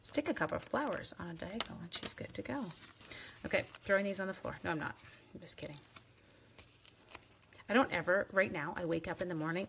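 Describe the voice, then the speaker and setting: A woman's voice: mid-range voice, lively intonation, fairly quick, creaky, pauses often, fairly bright tone, slight background noise. A woman hosting a live craft demonstration, chatting playfully with viewers and teasing herself as she works. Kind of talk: casual live craft demo.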